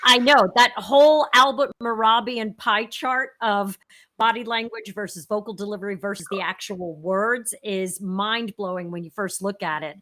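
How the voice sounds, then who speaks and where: A woman's voice: medium pitch, normal speed, bright, forceful tone. A woman hosting an interview, responding with engaged agreement and setting up her questions. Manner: engaged, affirming, asks questions. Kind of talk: interview conversation.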